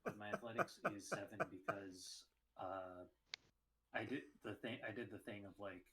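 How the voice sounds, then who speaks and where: A man's voice: lowish voice, moderate pace, a crowd in the background, rough recording. A man playing a tabletop game, describing his character's actions in a hesitant way. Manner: hesitant, many ums and restarts. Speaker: player.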